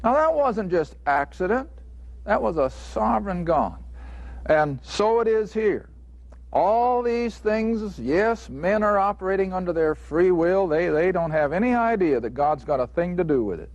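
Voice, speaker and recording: A man's voice: sits high, lively intonation, moderate pace, dry recording, dull audio. A man teaching a Bible lesson in a studio taping, plainspoken, earnest and emphatic.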